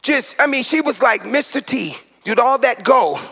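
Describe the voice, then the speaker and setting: High-voiced shouting preacher in his forties. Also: lively intonation, moderate pace, gravelly, breathy edge, in a large hall. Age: 40s. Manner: emphatic, sing-song preaching cadence with shouted peaks and humorous asides. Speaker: pastor. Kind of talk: sermon.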